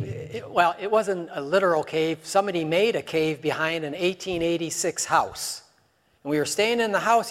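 A man with a high voice preaches a sermon, talking to the listeners as if in casual conversation and throwing out rhetorical questions. His voice rings with the long reverb of a large hall.

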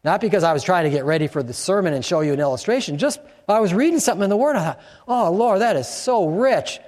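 Older male pastor from Chicago, high-pitched, animated sermon delivery with shouted emphasis, long reverb of a church hall. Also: fast.

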